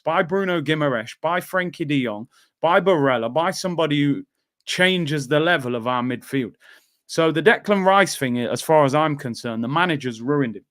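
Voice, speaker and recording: A man hosting a casual football chat, speaking bluntly and with firm opinions. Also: fairly high pitch. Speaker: host.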